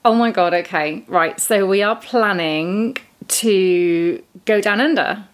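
A woman's voice: mid-range voice, slow. A woman co-hosting a casual couples podcast, giggling often and joking at her own expense. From England. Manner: giggly, self-mocking. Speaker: podcast co-host.

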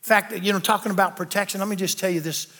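Older southern-raised preacher guy, high voice, fired up, call and response sermon. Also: steady tone, fast talker, sharp tone. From American South. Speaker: pastor.

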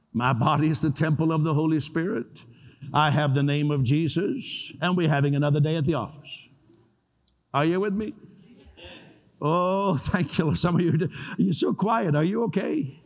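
A pastor preaching in a relaxed, conversational way, with joking asides, easing into prayer. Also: male voice, on the high side. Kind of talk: sermon.

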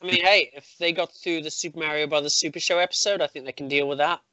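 A man's voice: a little high, steady tone, fast, sharp tone, clear, resonant tone, no room sound, muffled recording. A man hosting a podcast over a video call, casually chatting and spinning a mock-serious theory with playful delivery. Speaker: podcast host. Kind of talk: casual chat.

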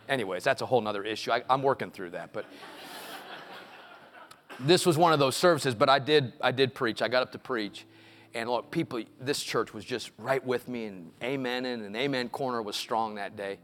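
Middle-aged pastor, clear bright tone, storytelling sermon in a church sanctuary. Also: male voice, mid-range voice, a little fast. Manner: storytelling, building to loud impassioned preaching.

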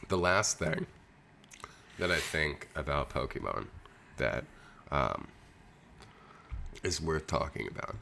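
A man's voice: a bass voice, creaky, fairly bright tone, slight background noise. A young adult man co-hosting a podcast, chatting casually in a loose, jokey way and swearing freely. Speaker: podcast co-host. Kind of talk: casual chat.

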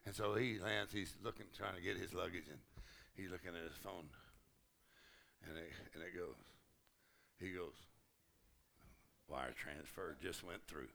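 A man preaching a sermon at a conference, exuberant, often laughing and shouting out. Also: low-pitched, steady tone, normal speed, gravelly, pauses often. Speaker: pastor. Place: conference hall. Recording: crowd heard in a hall.

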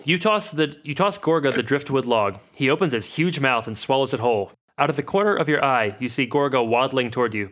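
A man's voice: mid-range voice, fairly bright tone. A man co-hosting a comedy podcast, reading an adventure book aloud with jokey asides. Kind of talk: comedic podcast read-along.

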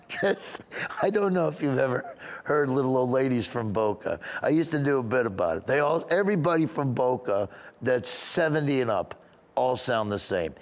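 A male stand-up comedian, guest on an interview, telling stories in an animated way and laughing often. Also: mid-range voice. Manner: laughs often, excited, quick bursts. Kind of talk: animated storytelling.

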